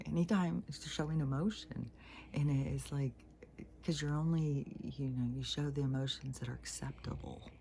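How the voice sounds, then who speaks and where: A woman's voice: very deep voice, vocal fry, mellow, slight background noise. A woman vlogging at home, ranting bluntly and with heavy profanity, often dropping to a near-whisper. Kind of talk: casual rambling rant to camera. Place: at home by a wood fire.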